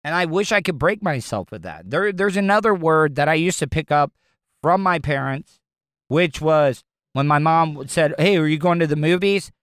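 A man's voice: fairly high pitch, animated, moderate pace, fairly bright tone, smooth, no room sound, studio quality. A man with a Southern American accent, an opinionated talk radio host rambling bluntly and conversationally.

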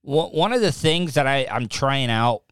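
A man's voice: medium pitch, expressive, normal speed, fairly bright tone, smooth, dry recording. A man hosting a casual live podcast from a home studio, rambling and self-deprecating, often repeating himself. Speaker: podcast host. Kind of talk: casual live-stream chat. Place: home studio lit with lamps. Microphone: desk podcast mic with a mixing board.

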